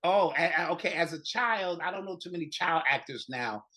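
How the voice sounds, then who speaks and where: A man being interviewed as an author guest, speaking in a playful, halting way with restarts. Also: fairly high pitch, lively intonation, bright, forceful tone. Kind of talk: casual interview talk.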